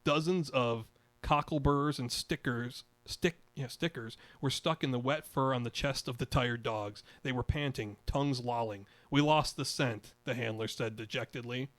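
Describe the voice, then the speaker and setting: A man's voice: mid-range voice, moderate pace, fairly bright tone. An older man in his eighties reading his own memoir story aloud, wry, chuckling now and then. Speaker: podcast storyteller.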